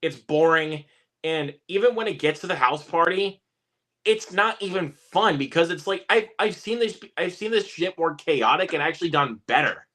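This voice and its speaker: A man's voice: on the high side, lively intonation, normal speed, sharp tone. A man giving blunt, dismissive opinions in a casual film review chat. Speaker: podcast guest.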